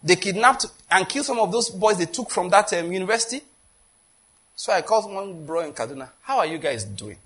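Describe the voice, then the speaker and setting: Preaching a sermon in a conversational, storytelling manner, a man with a Nigerian accent speaks a little fast in a high, husky, fairly bright voice. He acts out quoted dialogue and often asks whether listeners get the point.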